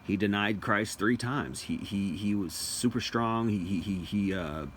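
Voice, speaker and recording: A young man with a low, deep voice talks in a loose, opinionated monologue. He circles back on his own phrases, stumbles through restarts and hammers his points by repeating them. Faint noise sits underneath. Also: unhurried, a bit bright. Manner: rambling, repeats phrases, emphatic. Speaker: commentator.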